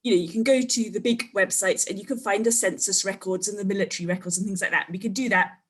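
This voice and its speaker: A woman's voice: mid-range voice, steady tone, fast talker, a bit bright, husky. Female interview guest, family historian, chatty and easygoing. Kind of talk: casual interview chat.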